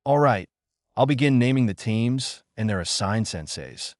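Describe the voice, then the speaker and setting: A man's voice: mid-range voice, lively intonation, moderate pace, no echo, clean studio sound, close to an everyday voice. A man voicing a stern adult male ninja teacher announcing teams in a storybook reading. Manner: announcing, brusque.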